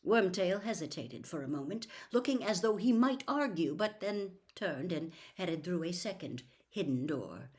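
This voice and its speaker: A woman reading a novel aloud in a slow, deliberate storytelling manner. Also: lowish voice, animated, a little mellow. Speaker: narrator. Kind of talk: audiobook reading.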